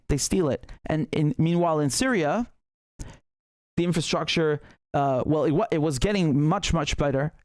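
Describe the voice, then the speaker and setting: A man's voice: fairly high pitch, a little mellow, no room sound. Indignant man hosting political commentary. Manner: indignant, heated, full of repeats and restarts. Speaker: political commentator, show host. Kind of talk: live political commentary, reading viewer comments.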